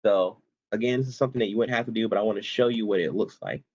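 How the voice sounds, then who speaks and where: Rapid-fire and a little mellow, his voice on the low side, a man talks over a lo-fi screen recording. He's an instructor walking students through a spreadsheet step by step, casual and self-correcting throughout.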